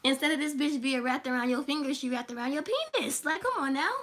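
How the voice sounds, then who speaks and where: Bright, high-voiced woman reading tarot. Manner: animated, laughing, profane and teasing. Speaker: tarot reader.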